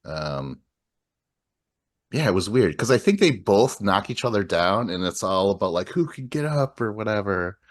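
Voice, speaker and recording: A man's voice: fairly low pitch, big pitch swings, normal speed. A man hosting a casual movie podcast, rambling and laughing often as he trails off. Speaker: podcast host. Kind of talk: casual chat about movies.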